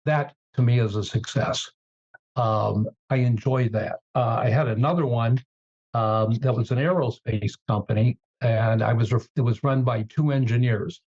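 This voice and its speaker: Male executive guest, measured and hesitant with ums, mid-pitched, slightly muffled lo-fi recording. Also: darkish tone, breathy edge. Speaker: guest, turnaround CEO. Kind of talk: interview storytelling.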